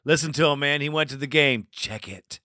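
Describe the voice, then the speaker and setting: A man's voice: fairly high pitch, fairly quick, bright, forceful tone. A man hosting a fan call-in show, talking in loose, profane, hyped-up banter. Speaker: podcast host.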